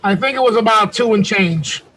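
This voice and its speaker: Middle-aged man, very high voice, loose slangy storyteller with lots of swearing, heard over a video call. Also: normal speed, low-quality recording. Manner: animated, profane, slangy storyteller. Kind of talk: casual storytelling on a group call.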